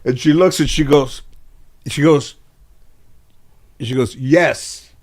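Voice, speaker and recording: A middle-aged man from the Los Angeles area telling stories as a guest in an interview, animated and profane, laughing at his own tales. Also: on the high side, slow pace. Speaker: guest comedian. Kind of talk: casual storytelling in interview.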